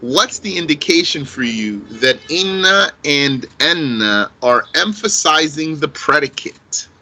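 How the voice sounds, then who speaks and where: Male grammar teacher, slightly high, bright voice, unhurried and repetitive delivery for students. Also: expressive, low-quality recording. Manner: explains slowly, repeats key phrases, quizzes the class with a countdown. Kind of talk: classroom grammar lesson.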